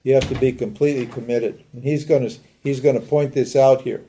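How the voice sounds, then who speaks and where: A man's voice: medium pitch, steady tone, a little fast, dark tone, slight background noise. An older man teaching a live lecture in a conversational way, asking rhetorical questions and acting out pleading prayers. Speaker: Vedanta teacher.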